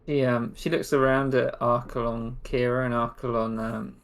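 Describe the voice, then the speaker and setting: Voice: mid-range voice, level tone, normal speed. Hesitant game master narrating. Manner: hesitant, filler-heavy narration.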